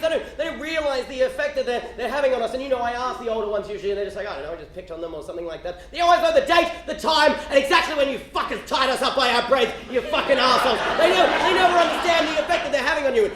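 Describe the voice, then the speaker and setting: An Australian man doing live stand-up comedy, profane and incredulous, often shouting to the audience. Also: extremely high pitch, animated, very fast, few pauses. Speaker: stand-up storyteller. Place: stage before a live audience. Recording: roomy live venue, loud crowd noise.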